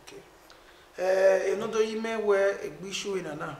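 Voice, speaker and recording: A man's voice: high voice, moderate pace, slight background noise. A man with a Nigerian accent, a musician talking animatedly in a casual conversation. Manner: animated, mixing pidgin and Edo. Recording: echoey room.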